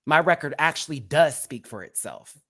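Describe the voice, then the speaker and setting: A man's voice: a little high, animated, normal speed, bright, forceful tone. A man hosting a live review show who rants at a critic in a sassy, cutting way, throwing out pet names like sweetie and baby. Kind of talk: live confrontational rant to a critic.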